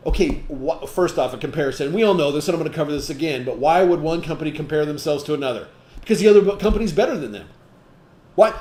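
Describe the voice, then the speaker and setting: A man's voice: a little high, expressive, fast talker, a little mellow, reverberant. A man giving a training talk to a group, emphatic and full of rhetorical questions, checking in with "okay?" again and again. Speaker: sales trainer.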